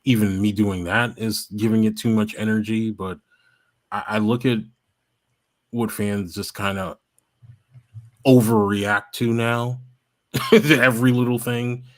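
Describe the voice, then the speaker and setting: A man's voice: lowish voice, steady tone. A man co-hosting a podcast, chatting casually, emphatic and agreeable. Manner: emphatic and agreeable, quick to back up his co-host. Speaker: podcast co-host. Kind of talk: casual chat.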